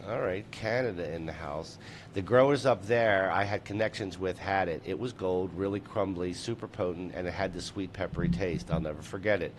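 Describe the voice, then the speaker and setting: A man with a fairly low voice hosts a loose late-night chat, reading viewer comments aloud and swearing freely. A faint low rumble sits under his voice. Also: a little fast.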